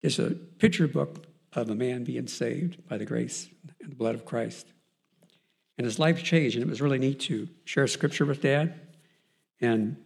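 A man shares his Christian testimony in an earnest, storytelling way, often pausing on fillers and restarting his sentences. His voice sits at an ordinary pitch but has a gravelly edge and a husky texture. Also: darkish tone. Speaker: person giving a Christian testimony. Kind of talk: personal faith testimony.

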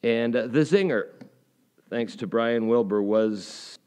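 A man's voice: medium pitch, slow pace, darkish tone, clear, resonant tone. A man preaching a sermon in a church, conversational and folksy, with rhetorical questions and frequent fillers. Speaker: pastor.

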